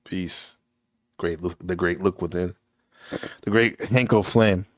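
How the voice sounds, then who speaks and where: A lowish male voice with a dry, close sound. He hosts a casual panel show, ribbing his guests in loose, profane banter. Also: fairly even intonation, takes it slowly, no echo. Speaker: host.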